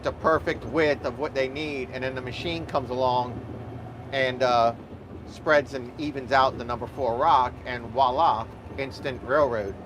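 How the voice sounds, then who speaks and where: A man's voice: medium pitch, fairly bright tone. A man vlogging live from his dump truck cab, rambling and joking as he drives. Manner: rambling, jokey, easygoing, thinks aloud with fillers. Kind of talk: casual live vlog while driving. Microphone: small camera or phone mic in the cab. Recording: faint truck engine noise.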